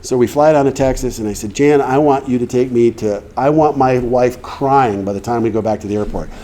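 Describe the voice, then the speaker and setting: A man's voice: mid-range voice, a little fast, warm tone. A middle-aged man telling his recovery story to an audience, acting out the dialogue and laughing along the way. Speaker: recovery speaker. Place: meeting hall before an audience.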